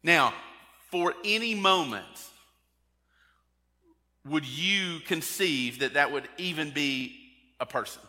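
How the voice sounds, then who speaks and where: A pastor delivers a conversational sermon, repeatedly putting questions straight to his congregation in a bright, forceful voice that rings with long reverb through a large sanctuary. He's a little high-pitched with lively intonation, speaking slowly with long pauses.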